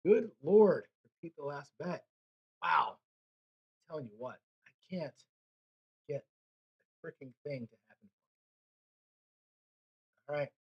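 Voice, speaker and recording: A man's voice: a little high, lively intonation, slow pace, long pauses, slightly rough, highs cut off. A man giving casual live commentary while rolling dice, frustrated and muttering to his viewers, swearing between rolls. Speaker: craps streamer.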